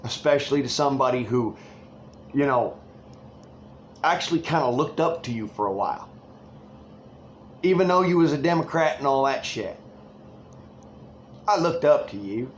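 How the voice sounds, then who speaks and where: A man's voice: medium pitch, a little hiss or hum. A man delivering an angry, rambling political rant full of swearing.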